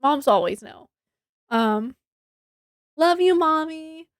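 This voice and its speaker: A woman's voice: high-pitched, animated, slow, no room sound, studio quality. A young woman reviewing a book in a casual chat, rambling and correcting herself, with frequent giggles.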